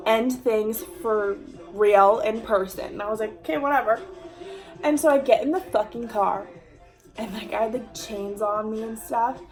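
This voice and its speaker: A woman's voice: a little high, rough recording. A young woman telling a casual storytime, chatty and full of "like" fillers and swearing, acting out the lines of the people in her story.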